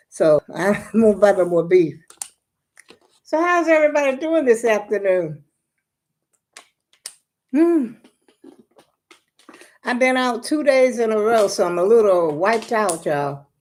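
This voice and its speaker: A woman's voice: medium pitch, darkish tone. An older woman chatting casually on a live stream, homey and talkative, calling her viewers y'all, a little out of breath. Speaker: vlogger.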